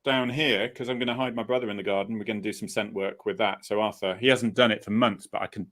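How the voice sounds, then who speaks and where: A man's voice: fairly low pitch, steady tone, fairly bright tone. A man co-hosting a casual chat, joking and teasing as he talks. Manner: jokey, teasing, quick to laugh. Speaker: co-host.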